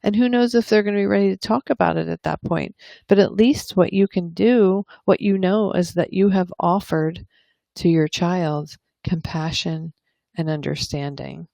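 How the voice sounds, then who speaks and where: Woman, parenting coach, calm, earnest, lower voice, dry close recording. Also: moderate pace, vocal fry, no echo. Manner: calm, earnest explaining that acts out example dialogues. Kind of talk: advice talk to camera.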